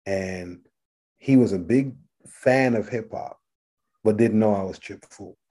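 A middle-aged man, a rapper guesting on an interview, telling animated stories, acting out voices and swearing freely. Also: lowish voice, unhurried. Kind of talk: casual storytelling interview.

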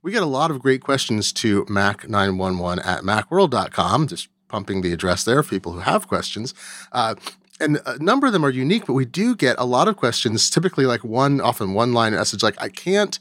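A man's voice: mid-range voice, sing-song, brisk, fairly bright tone. A man in his forties hosting a podcast, talking conversationally with frequent "uh" and "um". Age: 40s. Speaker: podcast host. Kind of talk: casual chat.

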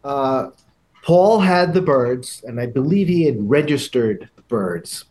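A middle-aged man, a guest on a podcast, telling anecdotes in a measured way. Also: medium pitch. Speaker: guest, music retail executive. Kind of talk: casual interview talk.

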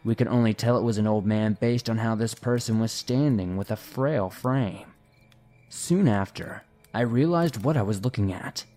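A man narrates scary stories sent in by listeners, his voice dark and mellow. He slows right down and goes quiet at the eerie moments. Faint music plays underneath. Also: lowish voice. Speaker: horror story narrator.

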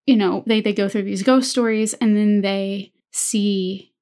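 A woman in her thirties co-hosting a podcast, retelling a movie in lively, casual chat full of fillers. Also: mid-range voice, a little slow. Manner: animated storytelling, full of "like" and "you know". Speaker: podcast co-host.

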